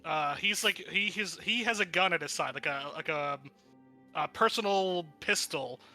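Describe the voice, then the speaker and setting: Man game master, tabletop game, rambling narration, bright, fairly high voice. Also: moderate pace, soft background music. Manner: rambling, lots of fillers and restarts.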